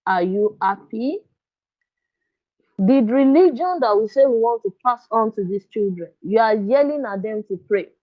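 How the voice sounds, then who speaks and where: In a live online workshop, a woman with a fairly high, animated voice coaches parents at a normal speed. She's earnest and coaxing, often asking "you understand?", and the audio is dull, lo-fi and dry.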